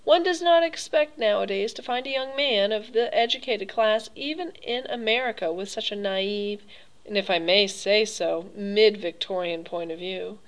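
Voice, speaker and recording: An urbane, coolly pleased old gentleman hunter voiced by a woman reading aloud, polished and mocking, with cruelty under his good manners. His pitch rises and falls with amused relish, and the talk stays smooth and measured, like an audiobook figure. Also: close to an everyday voice, low-quality recording. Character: suave, cruel older male aristocrat hunter.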